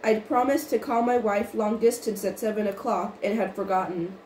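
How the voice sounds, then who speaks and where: A woman's voice: mid-range voice, moderate pace, darkish tone, lightly acted. A woman voicing a flustered male dock laborer who pleads in a rueful, doleful way, in a roomy recording with faint noise.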